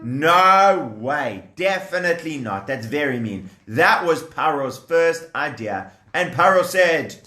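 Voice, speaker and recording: A man telling a story to children, animated and full of questions for the young listeners. He speaks slowly in a fairly high voice. The recording rings with a roomy echo. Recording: echoey room.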